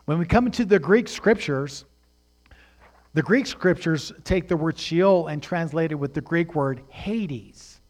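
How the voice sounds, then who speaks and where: A man with a voice on the high side teaches a sermon, posing rhetorical questions. He swings between hushed, drawn-out phrases and loud, emphatic preaching.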